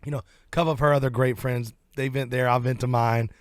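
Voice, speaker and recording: A man's voice: medium pitch, brisk, dry recording. Southern US man, country singer guest, loose rambling chat, dry close studio sound. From southern United States. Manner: relaxed, rambling, laughs easily. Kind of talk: casual interview chat. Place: radio studio.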